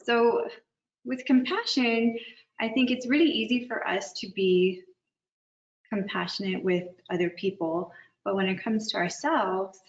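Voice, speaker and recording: A woman counselor giving a gentle, measured webinar talk, with some filler ums. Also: medium pitch. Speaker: guest counselor. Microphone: video call. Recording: echoey, distant, dull webinar audio.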